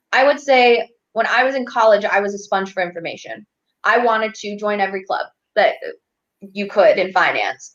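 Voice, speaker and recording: A woman's voice: medium pitch, a bit bright. A woman speaking as a guest, a financial advocate and life coach, talking candidly and motivationally over a video call. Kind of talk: casual interview conversation. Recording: dull lo-fi video call audio.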